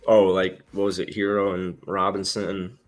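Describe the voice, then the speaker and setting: A man's voice: low voice, completely flat delivery, normal speed. A young man co-hosting a casual talk show, giving blunt, laid-back reactions. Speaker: co-host. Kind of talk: casual chat.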